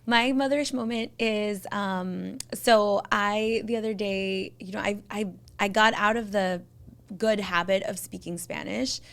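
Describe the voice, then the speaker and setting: A young woman co-hosting a casual podcast, playful and quick to laugh and agree. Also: mid-range voice, steady tone, vocal fry. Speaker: podcast co-host. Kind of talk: casual chat.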